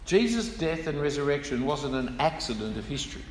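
A man's voice: a little high, sing-song, a little fast, few pauses, slight background noise. Man preaching in an echoey hall. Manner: explanatory, with emphatic stresses and asides. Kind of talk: sermon. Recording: echoey hall with room ambience.

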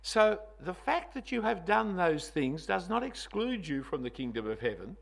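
A man's voice: sits high, very animated, moderate pace, gravelly. A male preacher giving a sermon, conversational with teasing asides, hitting single words hard for emphasis.

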